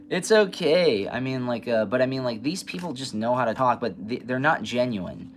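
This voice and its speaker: A man hosting a live stream, ranting in an animated, passionate way and stuttering and restarting often. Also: medium pitch. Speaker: live stream host giving readings. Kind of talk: casual live-stream rant. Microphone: camera mic, moves the camera around.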